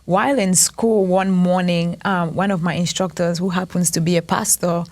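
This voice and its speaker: A woman in her thirties tells her life story as an interview guest, in a slightly low voice. She speaks earnestly and reflectively, taking her time between thoughts. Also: steady tone, normal speed, darkish tone. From Cameroon. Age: 30s. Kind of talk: personal testimony.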